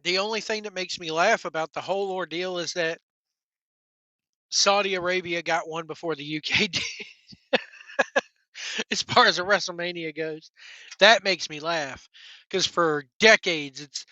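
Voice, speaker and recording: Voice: mid-range voice, normal speed, long pauses, pushed and bright, dry recording, highs cut off. Blunt, sarcastic wrestling vlogger. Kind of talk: casual opinion rant.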